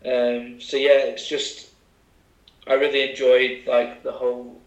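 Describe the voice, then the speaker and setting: A man's voice: mid-range voice, level tone, unhurried, echoey room, low-quality recording. A man from England chatting casually as a podcast guest, with many fillers and asides. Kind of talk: casual chat.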